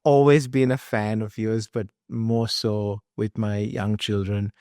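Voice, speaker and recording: A man's voice: fairly low pitch, flat delivery, takes it slowly, darkish tone, dry recording. Earnest man hosting a podcast, dry sound. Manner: earnest, asks long questions with fillers. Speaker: podcast host. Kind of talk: podcast interview host.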